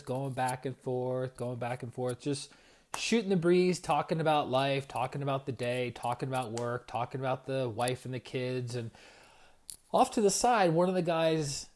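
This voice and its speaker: A man in his forties hosting a casual evening livestream as a spiritual coach, telling stories in a rambling, lively way and greeting viewers by name. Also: medium pitch. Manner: animated storyteller, rambling with restarts and viewer shout-outs. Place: home at night.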